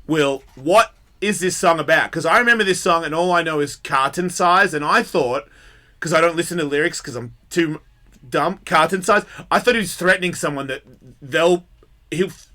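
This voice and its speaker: Bright-voiced man rambling in studio banter. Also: a little high. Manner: rambling, self-mocking, laughs often. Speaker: guest comedian. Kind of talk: casual radio show banter.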